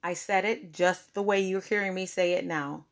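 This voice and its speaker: A woman telling a personal story in a chatty, expressive way, often saying "like," calm and measured when she quotes herself. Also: on the low side.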